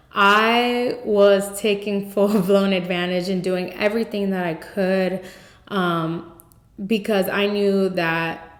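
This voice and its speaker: A young woman hosting a podcast, telling her own story in a candid, emphatic way, full of "like" fillers and blunt swearing. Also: mid-range voice. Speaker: podcast host. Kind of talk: personal testimony, casual storytelling. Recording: roomy echoey recording.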